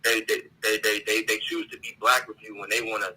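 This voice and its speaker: A man's voice: fairly low pitch, level tone, a little fast, sharp tone, breathy edge, poor audio. A man calling in to a talk show, ranting bluntly and with profanity, often repeating words as he searches for them. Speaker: caller. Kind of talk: heated call-in rant.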